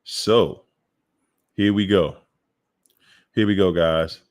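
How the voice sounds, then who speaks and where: A man's voice: sits low, steady tone, a little mellow. A man hosting a casual call-in livestream, chatty and exclaiming as he sets up clips. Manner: slow, chatty, exclaims and laughs often. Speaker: host.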